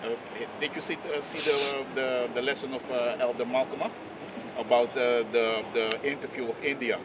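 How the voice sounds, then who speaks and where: A man's voice: mid-range voice, moderate pace. A man in a casual group discussion who tells stories with animation and raises his voice to act out quoted lines. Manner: animated storytelling, acts out quoted voices loudly. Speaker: group member. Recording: distant mic, clear outdoor noise.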